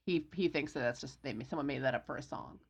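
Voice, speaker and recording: A woman with a low, gravelly voice talks through a book recap in a relaxed, chatty way. She drops into quick quoted lines for the characters as she retells the plot, then goes back to her everyday voice. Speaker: podcast co-host recapping a novel. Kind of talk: casual book discussion chat.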